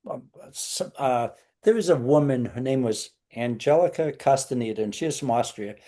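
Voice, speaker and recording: Mellow-voiced man telling a story. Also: medium pitch, lively intonation, moderate pace. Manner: anecdotal storyteller. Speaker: guest. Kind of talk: podcast interview.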